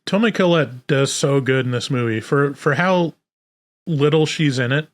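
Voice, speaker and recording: A man co-hosting a podcast, thinking aloud in a relaxed, casual chat about movies. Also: mid-range voice, moderate pace, no room sound. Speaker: podcast co-host.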